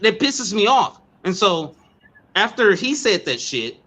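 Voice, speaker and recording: A man in a casual online talk, telling a story in a loud, profane and animated way, stumbling over repeated words. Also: high voice, measured pace. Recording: dull lo-fi sound.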